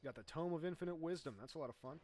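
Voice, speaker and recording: Excitable man narrating his gameplay. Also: fairly high pitch, rapid-fire, soft background music. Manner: chatty, excitable, yells at his pet mid-fight. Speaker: gaming YouTuber. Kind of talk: casual gameplay commentary.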